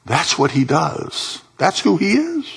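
A man preaching a sermon with passion, rising to loud high peaks and dropping to soft low tones. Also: wildly swooping pitch, slow pace, vocal fry, slightly rough.

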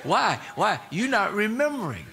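A man's voice: high voice, wildly swooping pitch, normal speed, pushed and bright. A man preaching a sermon in a casual, colloquial way, repeating his words and prompting the congregation to answer back. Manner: repetitive, call-and-response prompts to the congregation.

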